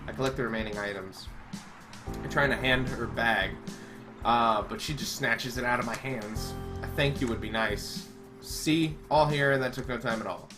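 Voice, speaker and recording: A man's voice: medium pitch, normal speed, music in the background. Man reading a game dramatically. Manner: dramatic, sarcastic asides. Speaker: game reader. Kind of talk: reading a visual novel aloud.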